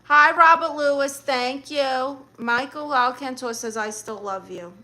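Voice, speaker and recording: A woman's voice: sits high, a little slow, pushed and bright. A young adult woman hosting a livestream, reading chat messages aloud and answering with sassy, teasing comebacks.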